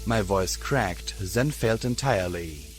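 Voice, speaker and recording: A man reading a fan audiobook in slow, measured narration. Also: lowish voice, lively intonation. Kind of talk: scripted narration. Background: background music.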